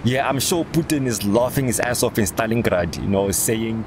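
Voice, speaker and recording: A man's voice: medium pitch, lively intonation, normal speed, few pauses, background noise. A man hosting a reaction video, reading out viewer comments with wry, sardonic asides.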